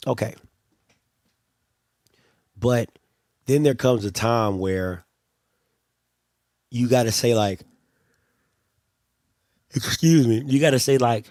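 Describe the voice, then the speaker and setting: Male livestream host, middle pitch, creaky edge, rambling and exasperated casual commentary. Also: a little slow, pauses often, a little mellow, dry recording, clean studio sound. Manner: rambling, exasperated, repeats himself.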